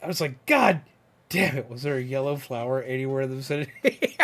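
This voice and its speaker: A man streaming live, telling a story casually and excitedly, cursing freely and using lots of fillers. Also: medium pitch, fast talker. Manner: excitable, swears a lot, many fillers.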